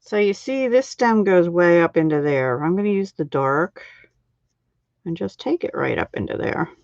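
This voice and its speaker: Chatty woman crafting, lowish voice. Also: expressive, moderate pace, gravelly, darkish tone, no echo. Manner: chatty, self-deprecating, laughs often. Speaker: card-making live stream host. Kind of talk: casual crafting demo chat. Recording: dull lo-fi sound.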